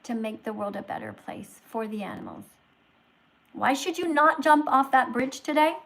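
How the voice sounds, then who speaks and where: A woman hosting a livestream as a teacher, lecturing and scolding her viewers in a moralizing tone that swings between loud and soft. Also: sits high, animated, moderate pace, creaky, low-quality recording. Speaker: livestream host posing as a teacher.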